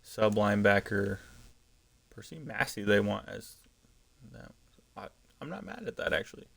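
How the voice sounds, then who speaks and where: A man with a gravelly, slightly low voice talks casually through a live stream. He thinks out loud, pausing on ums and correcting himself as he goes. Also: animated. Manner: thinking aloud, frequent ums and self-corrections. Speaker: gaming streamer.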